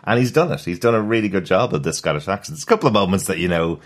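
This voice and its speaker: A man's voice: low voice, big pitch swings, very fast. A man co-hosting a casual podcast, chatty and laughing often as he discusses a TV episode. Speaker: podcast co-host.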